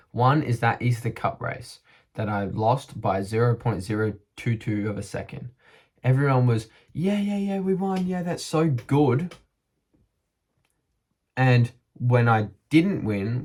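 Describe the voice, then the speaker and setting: Upbeat man with a lowish voice. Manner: upbeat and earnest, chuckles often, thinks aloud. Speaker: vlogger. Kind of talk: casual motivational talk to camera.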